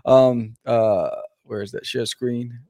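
A man's voice: medium pitch, fairly even intonation, slow, gravelly, warm tone, no echo. Laid-back man in casual chat, dry sound. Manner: laid-back slang, many fillers. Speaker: podcast co-host, comic artist.

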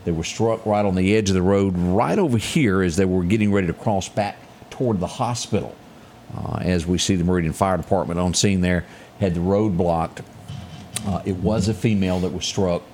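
A man co-hosting a casual morning show and reading local headlines, animated and prone to singing snippets of lyrics. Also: deep voice, slight background noise.

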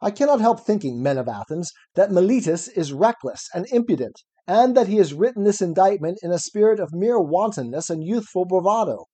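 A man's voice: sits high, lively intonation, a little fast, few pauses, warm tone, slightly rough. A man reading aloud as an elderly male philosopher defending himself at trial, ironic and probing. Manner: cross-examining, probing, ironic. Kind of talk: reading a classic dialogue aloud.

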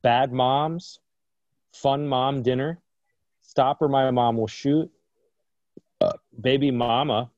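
A man co-hosting a podcast, joking in a dry, deadpan way in casual banter. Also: mid-range voice, takes it slowly, pauses often, no echo, dull audio. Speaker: podcast co-host.

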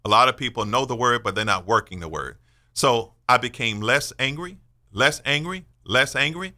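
A man's voice: medium pitch, expressive, brisk, pushed and bright. A man in his sixties hosting a faith-based radio talk show, speaking earnestly and emphatically in a sermon-like way. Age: 60s. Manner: earnest, emphatic, personal testimony.

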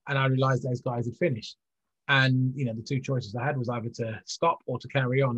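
Speaking in a slightly rough, medium-pitched voice, a middle-aged ex-athlete reflects on his life as an interview guest, earnest and candid, with plenty of fillers and restarts. The recording is dull and lo-fi.

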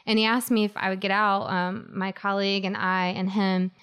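A woman guest telling a personal story in an earnest, halting way with many fillers. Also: mid-range voice, little pitch movement, clean tone, lo-fi sound.

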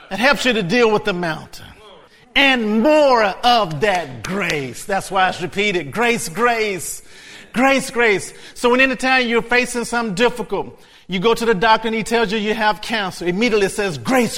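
A man preaching a sermon, repeating phrases in a chant that builds to shouting. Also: high voice, expressive, normal speed.

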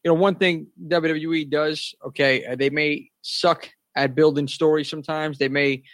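A man's voice: a little high, steady tone, moderate pace, a bit bright, no room sound. A man co-hosting a wrestling podcast who talks in a laid-back way, often ending lines with "man". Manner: laid-back, says "man" a lot, laughs easily. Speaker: podcast co-host. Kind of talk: casual wrestling chat.

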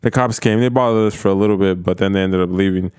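A man's voice: sits low, fairly even intonation, fast, darkish tone, clear, resonant tone, dry recording, clean studio sound. A man telling a story in a casual chat among friends, laid-back and profane, laughing easily.

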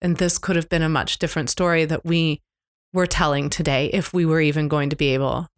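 A woman's voice: low-pitched, fairly even intonation, no room sound, clean studio sound. Candid woman telling a hard story. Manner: candid, emotional, halting retelling. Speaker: podcast co-host. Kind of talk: casual storytelling chat. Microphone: close podcast mic.

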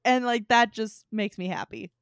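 A woman's voice: on the high side, moderate pace, clean tone, no echo, clean studio sound. A young woman co-hosting a casual chat podcast, telling stories and acting out quoted voices. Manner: chatty storyteller, bright quoted voices. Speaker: podcast co-host.

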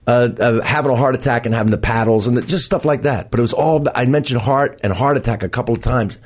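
A man in his sixties telling stories from his comedy career in a casual interview, acting out other people's lines as he goes. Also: medium pitch. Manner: rapid, animated, acts out others' lines. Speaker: comedian guest.

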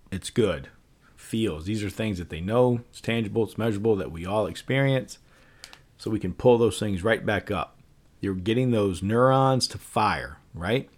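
Low-voiced man in a relaxed podcast monologue. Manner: relaxed, loose delivery full of fillers and restarts. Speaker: podcast host. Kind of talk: casual explanatory podcast monologue.

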